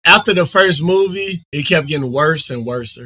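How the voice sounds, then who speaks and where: Chill podcast guy moving the talk along, bright fairly high voice. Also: moderate pace, rough recording. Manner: relaxed, steers the topics. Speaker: podcast co-host. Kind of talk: casual chat.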